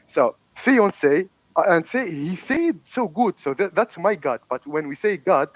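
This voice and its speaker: A man with an Arabic accent speaks in halting, careful English, trying to smooth things over. His voice sits slightly high and comes across earnest and patient. The sound is close and dry. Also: expressive, no room sound, rough recording. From Arab world. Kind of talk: online debate.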